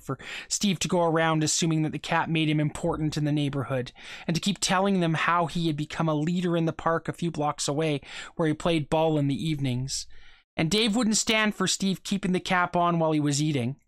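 A reader narrating a short story aloud for students, in a steady, measured manner. The voice sits at a middle pitch, and the recording is dry and close with no room sound. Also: no echo.

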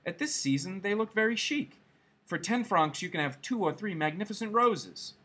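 A timid clerk husband stammers and coaxes, keen to please, as a male reader puts him on. His voice is husky and lively, rising and falling as he talks, in a storybook read aloud. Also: sits high, moderate pace, voice pushed up, exaggerated voice. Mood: eager. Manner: stammering, hopeful.

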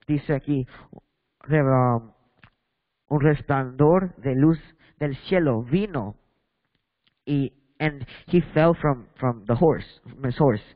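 A man preaching a bilingual sermon in a church, reading scripture and switching between English and Spanish with halting restarts while questioning the congregation. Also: mid-range voice, no echo, big-room sound, phone-quality sound.

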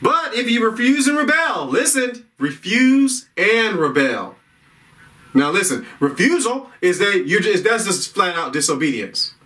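A man's voice: high voice, very animated, normal speed, few pauses, pushed and bright, far from the mic. A man preaching an informal sermon, rambling, repeating himself and restarting his sentences.

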